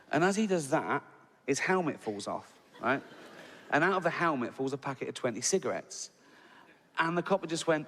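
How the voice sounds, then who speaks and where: A man's voice: mid-range voice, a bit bright, long reverb tail. A man telling stand-up stories, conversational and tagging lines with "right?". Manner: conversational, peppers lines with "right?", laughs at own jokes. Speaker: stand-up comedian. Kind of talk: stand-up storytelling.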